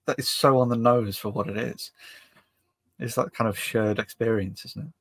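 A man's voice: medium pitch, fairly even intonation, moderate pace, husky. A man hosting a podcast in casual chat, rambling and often restarting his phrases. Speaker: podcast host.

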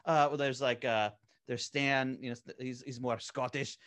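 A man's voice: medium pitch, normal speed, a bit bright. A male voice actor talks through an interview in a loose, rambling way, leaning on fillers and restarting his sentences. He sounds eager and keeps talking at length about his work. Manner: eager, enthusiastic. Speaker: voice actor on an animated web series, interview guest. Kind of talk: casual interview talk.

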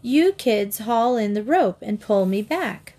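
A woman's voice: on the high side, expressive, slow, mellow. A woman voicing a headstrong young girl in a storybook reading, with an eager, girlish delivery. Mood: pleading.

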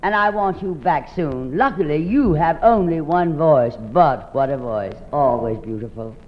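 Husky theatrical woman radio host. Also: low voice, lively intonation, measured pace, big-room sound. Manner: theatrical, drawling, calls everyone darling. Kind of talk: 1950s radio variety show sign-off. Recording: dull lo-fi 1950s radio broadcast. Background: faint orchestra music.

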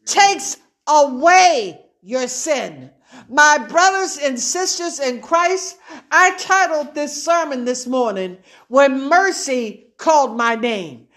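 Middle-aged female preacher, high-pitched, deliberate fervent sermon delivery. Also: animated, fairly bright tone. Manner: emotional, fervent preaching with call-and-response.

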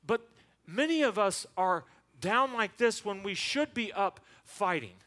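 A man preaching a sermon, telling a personal story and acting out the people in it in a lower voice. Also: animated, a little slow, sharp tone. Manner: storytelling, acts out quotes in a lower voice. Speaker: pastor. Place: church.

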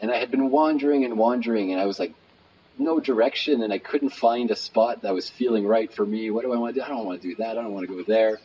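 A man telling a personal story as a guest, lively and casual with many fillers. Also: lowish voice, fast. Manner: animated, acts out quotes, many fillers. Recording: dull recording with faint noise.

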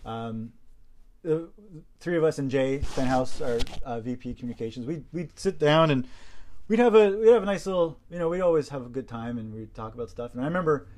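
A man hosting a podcast, telling stories in a rambling, animated way, repeating himself and clearing his throat often through a hoarse voice. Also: medium pitch, fairly quick. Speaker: podcast host. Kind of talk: casual storytelling monologue.

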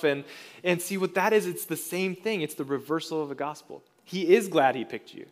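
A man's voice: a little high, normal speed. A man preaching a sermon as pastor, earnest and conversational, often restarting phrases.

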